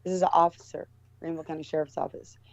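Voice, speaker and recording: Low-voiced woman telling a rambling story. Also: little pitch movement, fast talker, a little mellow, no echo. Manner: rambling, with many restarts and fillers. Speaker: guest. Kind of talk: casual storytelling. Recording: dull lo-fi recording.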